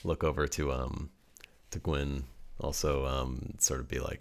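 Very deep-voiced man running a tabletop game. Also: flat delivery, gravelly. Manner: halting, many fillers and restarts. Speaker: game master.

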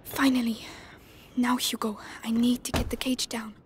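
A woman voicing a young teen girl protecting her little brother in a video game, often in urgent hushed whispers. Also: on the high side, little pitch movement, normal speed, background noise, natural voice. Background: game music.

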